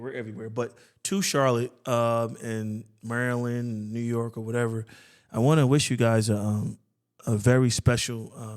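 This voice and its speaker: Rambling, playful male podcast host. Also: medium pitch. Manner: rambling, playful, stumbles and repeats words. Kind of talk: casual chat.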